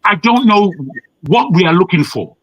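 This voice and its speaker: A man's voice: sits high, animated, normal speed, fairly bright tone, no room sound, dull audio. A man from Nigeria, hectoring a panel with heated rhetorical questions. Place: living in the West.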